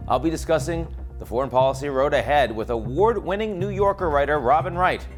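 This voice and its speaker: A man's voice: on the high side, brisk, soft background music. A middle-aged man hosting a show, delivering a scripted commentary monologue in a wry, sardonic, emphatic way. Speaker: host.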